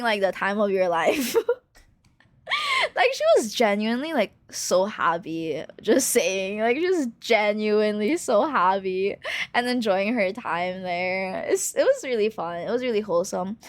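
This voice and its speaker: Young woman streamer, chatty and rambling, bouncy pitch, dry close sound. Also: no echo. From China. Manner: animated, rambling, full of "like" and swearing. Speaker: VTuber streamer. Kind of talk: casual chat.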